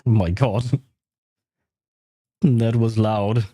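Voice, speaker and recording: This man has a lowish, warm, husky voice with a steady tone, and he talks very slowly with no echo. A native French speaker, he streams games and chats in a rambling, casual way on his livestream, laughing a lot.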